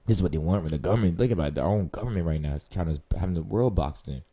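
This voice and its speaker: A man's voice: low voice, rapid-fire, warm tone, breathy edge. A man hosting his vlog, talking in a rambling, slangy and profane way straight to the listener. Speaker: vlog host. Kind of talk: casual monologue to camera.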